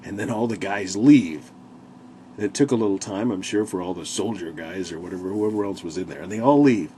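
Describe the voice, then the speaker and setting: A man's voice: low-pitched, brisk, warm tone, slight background noise. A man sharing casual, rambling thoughts on a Bible chapter, filling with "you know" and acting out the quoted lines with sudden bursts. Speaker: Bible study speaker.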